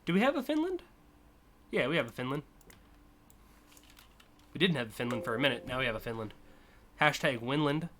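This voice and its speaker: A man's voice: medium pitch, sing-song, brisk, long pauses, pushed and bright, a little hiss or hum. A man streaming live, casually and enthusiastically judging car designs, with frequent fillers and swearing.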